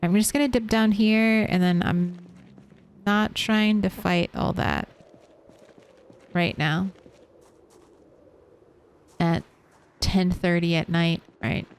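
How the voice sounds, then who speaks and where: Slow-talking woman streaming a game. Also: fairly low pitch, clean tone. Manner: chatty, reads and answers chat while playing. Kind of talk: casual gaming stream chat.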